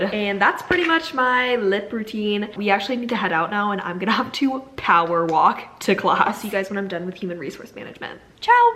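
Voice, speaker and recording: A woman's voice: medium pitch, fairly bright tone, slight background noise. A young woman chatting casually and playfully through her vlog, from home and then outside on errands. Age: young adult. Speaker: vlogger.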